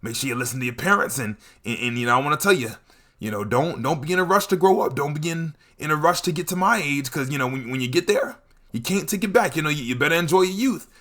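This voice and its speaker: A man's voice: on the high side, lively intonation, fast talker, a bit bright, voice pushed up. A man voicing a friendly, rambling older man who stammers as he hands out unasked advice. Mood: advising.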